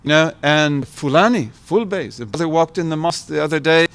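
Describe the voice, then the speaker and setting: A man's voice: on the high side, brisk, a bit bright, smooth. Older man giving a reflective talk. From United States. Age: 70s. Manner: reflective, repeats phrases for emphasis. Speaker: guest speaker, scholar. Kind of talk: informal talk to an audience.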